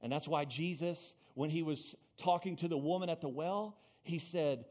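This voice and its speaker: A man's voice: fairly high pitch, moderate pace, hardly any pauses, darkish tone. A man preaching a sermon as pastor, speaking emphatically, repeating his phrases and calling out to the congregation.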